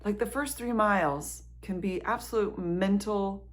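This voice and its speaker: A middle-aged woman vlogger telling a story casually to camera, chatty and animated, often laughing and dropping into soft asides. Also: medium pitch, moderate pace.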